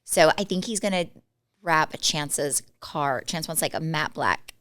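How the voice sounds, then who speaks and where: This Dallas woman in her forties has a low voice, captured in a dry recording. As a podcast co-host in casual conversation, she spins chatty stories, laughs fast, and animatedly performs the lines people said.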